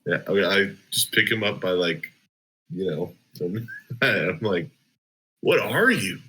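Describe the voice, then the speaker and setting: A man's voice: sits low, takes it slowly, sharp tone, a little hiss or hum, low-quality recording. A man taking his turn as a player in a tabletop game, casual and hesitant, with many fillers.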